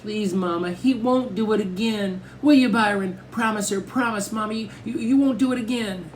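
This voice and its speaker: A woman's voice: mid-range voice, moderate pace, a little mellow, a little hiss or hum, voice pushed up, lightly acted. A man reading aloud voices a frightened little girl who sobs and begs tearfully. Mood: pleading. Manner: sobbing, begging.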